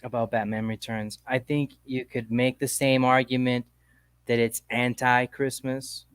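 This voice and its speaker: A man's voice: mid-range voice, flat delivery, unhurried, a bit bright, smooth, dry recording. A man with a mid-range voice hosts a casual chat show, talking in a laid-back, slangy, rambling way. The sound is dry and close, with no room around it. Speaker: podcast host.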